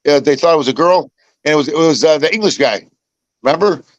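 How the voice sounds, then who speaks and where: A man's voice: on the high side, fast, no echo, highs cut off. Older man, rambling storyteller, dry sound. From Chicago. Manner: rambling storyteller, many restarts and repeats. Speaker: podcast host. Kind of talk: casual chat.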